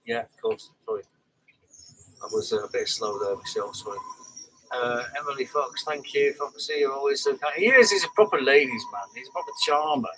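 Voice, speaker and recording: A man's voice: mid-range voice, fairly quick, noisy background. Rambling older man, chatty host. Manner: rambling, chatty, with frequent fillers and restarts. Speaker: live-stream host. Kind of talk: casual live-stream chat reading comments.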